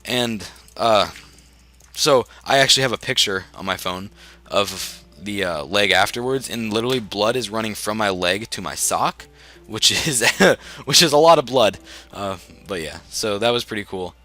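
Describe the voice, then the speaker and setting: A man's voice: lowish voice, expressive, moderate pace, bright, forceful tone, faint music behind. A teenage boy telling rambling stories while playing a game, laughing often with many ums and restarts. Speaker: gaming video host. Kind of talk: casual storytelling while playing.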